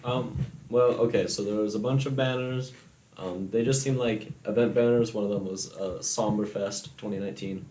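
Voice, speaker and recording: A man's voice: lowish voice, steady tone, normal speed, roomy sound, crowd noise, low-quality recording. A man playing a tabletop game, speaking in a hesitant way with many fillers. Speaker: player. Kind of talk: casual tabletop game play.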